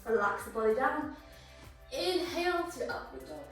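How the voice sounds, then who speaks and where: High-pitched yoga instructor lady kinda out of breath, calling poses, recorded far from the mic with background music. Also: animated, normal speed, fairly bright tone. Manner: encouraging, cueing breath and poses. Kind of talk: guided yoga flow instruction. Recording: very echoey room, voice far from mic, music behind.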